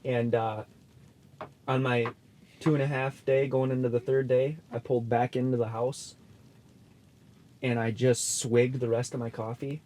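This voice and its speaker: A man's voice: medium pitch, little pitch movement, measured pace, long pauses, warm tone. Laid-back young man rambling casually. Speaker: podcast co-host. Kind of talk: casual chat. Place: insulated ice fishing shelter.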